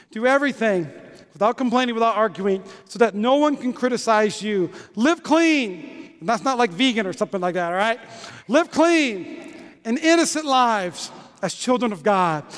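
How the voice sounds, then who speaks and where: A man preaching a sermon as a pastor in church, lively, with playful asides to the congregation. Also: high voice, big-room sound. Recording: music playing behind.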